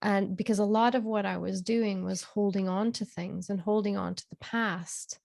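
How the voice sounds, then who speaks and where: A woman's voice: medium pitch, steady tone, normal speed, vocal fry, a little mellow, no room sound, clean studio sound. A woman guest telling a personal story of grief in a candid, reflective way. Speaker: interview guest.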